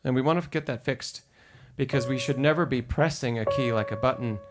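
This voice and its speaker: A man's voice: medium pitch, brisk. A man teaching piano on a live stream, giving encouraging feedback and singing short phrases to show how they should sound. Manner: encouraging, sings phrases to demonstrate. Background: piano music.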